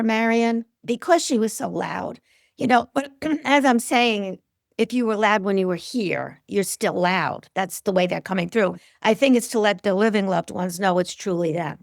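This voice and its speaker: Gravelly-voiced woman telling a story. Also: no room sound, studio quality. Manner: animated storyteller, acts out quotes with big pitch jumps. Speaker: medium, interview guest. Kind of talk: storytelling in a podcast interview.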